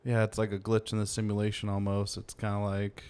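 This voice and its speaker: A man's voice: fairly low pitch, monotone, a little fast, darkish tone, slight background noise. A man hosting a podcast, chiming in with short reactions and follow-up questions. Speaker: podcast host. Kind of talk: casual chat.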